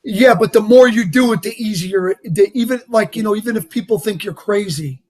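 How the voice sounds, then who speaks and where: A man with a heavy New York accent, talking as a guest in a casual interview, animated and rambling with lots of "you know" and "like". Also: high-pitched, brisk. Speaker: actor guest.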